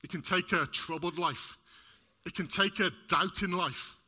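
A man preaching a sermon to a congregation in an animated way, using props and joking with the listeners. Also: sits high, a little slow. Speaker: lay preacher. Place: church service in front of a congregation.

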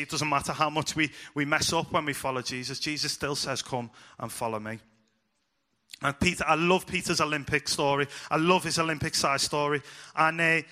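A young man giving a casual, storytelling sermon to children, chatty and acting out the voices of the people in his stories. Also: on the high side. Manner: chatty, animated, acts out voices in quotes.

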